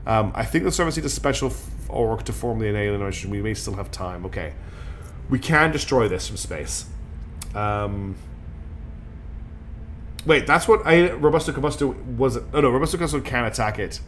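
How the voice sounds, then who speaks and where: Exhausted and streaming a strategy game, this man chats loosely, padding his gameplay talk with fillers and jokes at his own expense. He speaks at a moderate pace in an animated mid-range voice, and there's a little hiss or hum.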